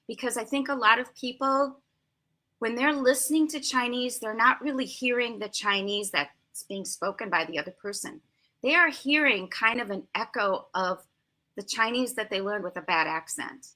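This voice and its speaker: An American woman in her sixties, a language teacher, giving lively, emphatic explanations as an interview guest. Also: on the high side, moderate pace. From United States. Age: 60s. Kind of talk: conversational interview answers.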